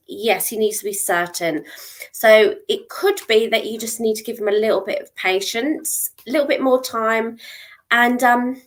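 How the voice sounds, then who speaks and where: A middle-aged woman with a voice pitched a little high gives live psychic readings. She talks in a reassuring, encouraging way and keeps checking in with her listener. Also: a bit bright. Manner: reassuring, checks in with frequent "okay?". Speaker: psychic reader.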